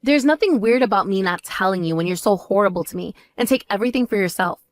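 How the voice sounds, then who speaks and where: A woman voicing a composed older sister who speaks in a calm, measured and cutting way. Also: no echo, close to an everyday voice. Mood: cool. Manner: measured, calm, lower and drier.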